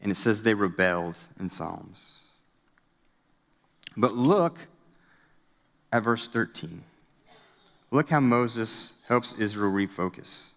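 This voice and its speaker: A man in his thirties, a student pastor, preaching a storytelling sermon in a conversational, animated way. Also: lowish voice, slow pace, gravelly, long pauses, big-room sound. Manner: conversational and animated, with casual fillers. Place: church sanctuary.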